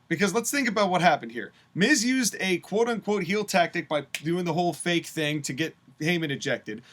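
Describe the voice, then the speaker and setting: A man co-hosting a casual podcast, opinionated and animated as he breaks things down. His voice sits a bit higher than most men's. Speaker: podcast co-host. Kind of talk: casual chat.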